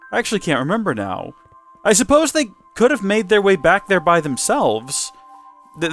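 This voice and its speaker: A man's voice: on the high side, fairly bright tone. A man hosting a Minecraft let's play, talking in a playful mock presenter tone and rambling through self-corrections. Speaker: Minecraft channel host.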